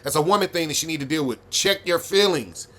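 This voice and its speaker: A man's voice: a little high, quick pace, fairly bright tone. A man hosting a reaction video, giving blunt, profane, heated commentary.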